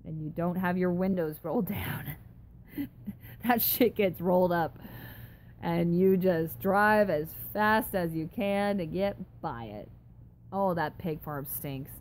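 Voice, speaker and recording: A woman's voice: lowish voice, slow pace, a little mellow, slight background noise. A young woman chatting casually on a live stream, reading comments aloud and reacting with giggly, exaggerated disgust. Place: home in a dry desert city.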